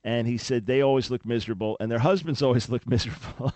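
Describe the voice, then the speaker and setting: An earnest man hosting a call-in radio show, preacherly and emphatic, often restarting his words. His voice sits at an ordinary pitch. It is recorded dry and close in the studio. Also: fairly even intonation, fast talker, a little mellow, no room sound. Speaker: radio talk show host.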